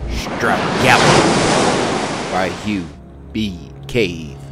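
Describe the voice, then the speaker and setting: A man narrating a horror story in a measured, suspenseful dramatic reading. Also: deep voice. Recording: faint music under the voice.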